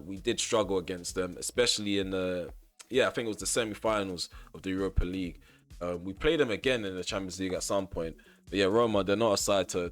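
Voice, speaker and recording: A young man commentating on his football video game, ranting at the referee, then calmly recapping for viewers. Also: sits low. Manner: exasperated ranting at the referee, shouting. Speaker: gaming YouTuber. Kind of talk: gameplay commentary.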